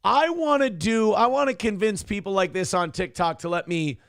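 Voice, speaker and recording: Reacting to clips on his morning show, a man rants sarcastically and swears freely while mocking one. His high, gravelly voice is fairly bright, at normal speed, captured as a clean, dry studio recording.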